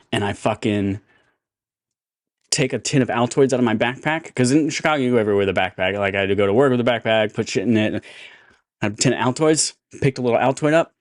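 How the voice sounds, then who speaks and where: A man co-hosting a casual podcast, telling stories in an animated, profane way. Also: fairly low pitch, dry recording, clean studio sound. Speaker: podcast co-host. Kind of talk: casual chat, storytelling.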